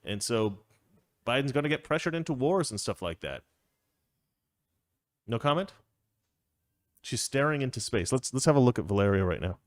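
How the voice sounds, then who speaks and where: Man host, chatty political commentary, lively pitch, dry close sound, rambling and opinionated. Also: moderate pace, pauses often, no echo. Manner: opinionated and rambling, chuckling often. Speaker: show host.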